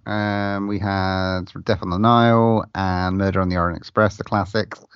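A man's voice: sits low, steady tone, moderate pace, clear, resonant tone, dry recording, lo-fi sound. A man co-hosting a casual film podcast, laid back and swearing casually. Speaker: podcast co-host.

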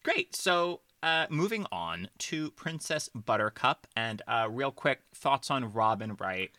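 A man's voice: medium pitch, very animated, slow pace, bright, forceful tone, dry recording, clean studio sound. A man hosting a casual film podcast, reading quotes aloud with flair as he tells a behind-the-scenes story. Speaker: podcast host.

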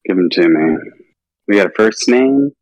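A man's voice: on the low side, expressive, normal speed, a little mellow, no room sound, lo-fi sound. A man co-hosting a prank-call podcast, bantering playfully and stringing callers along. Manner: playful, talks in a put-on tradesman voice. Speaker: podcast co-host making prank calls.

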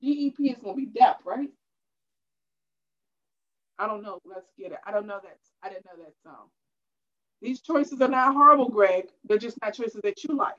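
A woman's voice: fairly high pitch, normal speed, pauses often, sharp tone. A woman in casual chat over a music quiz, playful, laughing often and trailing off mid-sentence. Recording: dull lo-fi sound.

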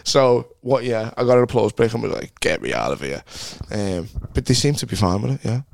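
His voice is gravelly and darkish at a medium pitch, recorded dry. A Liverpool comedian with a Scouse accent, he swaps sweary stories and fast anecdotes in relaxed podcast conversation.

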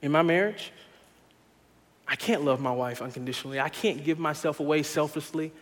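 A young male pastor preaching in a sanctuary with a long reverb tail. His voice sits a little high for a man. He swings from hushed, earnest urging to loud, laughing storytelling. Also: a little fast. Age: young adult. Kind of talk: sermon.

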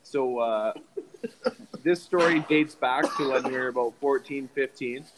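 A young man co-hosting a casual podcast, spinning a rowdy tale with plenty of swearing and laughter. His voice sits at an ordinary middle pitch, and a steady hiss of noise runs under the recording. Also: a little slow. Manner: profane, laughing storyteller. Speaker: podcast co-host. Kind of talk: casual storytelling chat.

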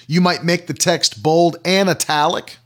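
A man's voice: fairly high pitch, unhurried, fairly bright tone. A man preaching a sermon, teaching through questions and everyday examples and repeating key phrases for emphasis.

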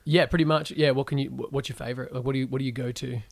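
A man hosting a podcast, asking quick, playful, joking questions in casual chat. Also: medium pitch, steady tone, vocal fry, dry recording. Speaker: podcast host.

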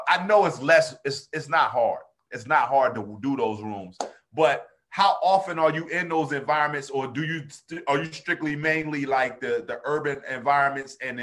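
A man in casual conversation as a comedian, telling stories animatedly and acting out crowd reactions. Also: mid-range voice. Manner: animated storyteller, acts out crowd voices. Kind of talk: casual chat.

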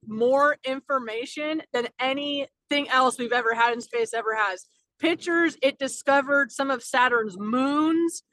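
A woman's voice: sits high, pushed and bright, no room sound, low-quality recording. A woman co-hosting a podcast, casually explaining a space fact in a chatty way with fillers. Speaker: podcast co-host. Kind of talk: casual chat, explaining a segment.

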